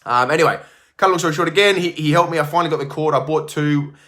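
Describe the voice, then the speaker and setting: Rambling gym owner. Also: male voice, a little high, rapid-fire, bright, forceful tone. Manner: rambling, many fillers and restarts. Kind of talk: casual storytelling to camera.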